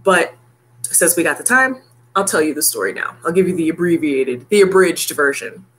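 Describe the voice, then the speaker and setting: A woman's voice: low voice, lively intonation, normal speed, breathy edge. A woman in her thirties talking casually and heartfelt to her viewers, laughing often. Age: 30s. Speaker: vlogger. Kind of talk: casual chat to camera.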